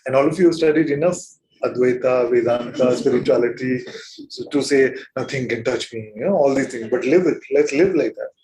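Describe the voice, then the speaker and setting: Speaking fairly quickly at a medium pitch, a man acting as teacher gives a spiritual talk to a gathering. He keeps it gently playful, with frequent chuckles and rhetorical questions aimed at his listeners, and the recording is rough.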